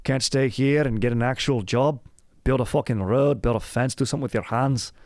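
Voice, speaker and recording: A man's voice: medium pitch, fairly quick, no echo, studio quality, voice pushed up, close to an everyday voice. A man putting on a mock Scottish accent to play an angry Scotsman scolding a would-be actor. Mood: berating. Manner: shouting, profane, scornful.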